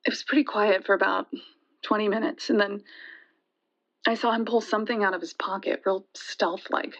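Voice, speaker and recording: A young woman acting in an audio drama, playing a caller who retells a deadly night in a halting way and stumbles over repeated words. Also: mid-range voice, fairly even intonation, natural voice. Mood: tense. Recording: dull lo-fi sound.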